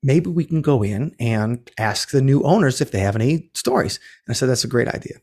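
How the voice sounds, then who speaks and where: A ghost tour operator with a mid-range, darkish voice tells a story fairly quickly and with a lot of animation. It's a casual interview, and he rambles, self-corrects, restarts, and acts out quotes.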